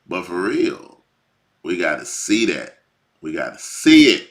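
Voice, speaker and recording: Animated preaching man, hushed to shouting. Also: low voice, normal speed. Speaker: bible teacher. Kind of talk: informal preaching.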